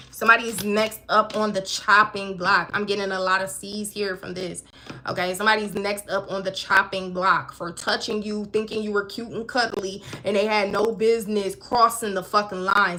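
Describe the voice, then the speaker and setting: A woman reads for her viewers on a live stream. Her voice has a bright, sharp edge. She talks in a blunt, swearing, conversational way that hammers each point home, at a middle pitch. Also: little pitch movement, normal speed, slight background noise. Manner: emphatic, profane, conversational. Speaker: intuitive card reader. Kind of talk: live-streamed spiritual reading.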